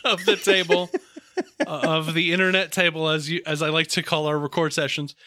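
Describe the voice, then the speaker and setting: A man's voice: a little high, flat delivery, brisk, bright, forceful tone, a little hiss or hum. A man co-hosting a podcast in casual chat, playful and wordy with a mock-formal streak. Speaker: podcast co-host.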